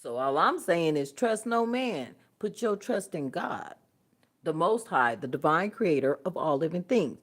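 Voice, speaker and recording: A woman hosts a spiritual livestream in a sing-song, unhurried voice, chatting casually, bluntly, and profanely while laughing often. She swings between low mutters and loud outbursts.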